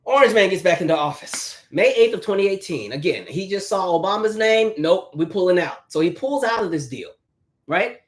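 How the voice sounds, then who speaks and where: A man's voice: sits high, sing-song. Man chatting through a commentary. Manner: conversational, asks "right?", puts on quick mocking quoted voices. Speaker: host. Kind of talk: casual commentary chat.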